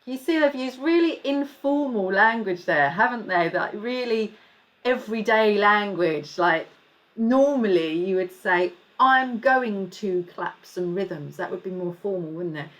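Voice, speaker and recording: A woman's voice: mid-range voice, expressive. Encouraging woman teaching a music lesson. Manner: encouraging, clear, slows down to model words and clapping. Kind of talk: online music lesson for children.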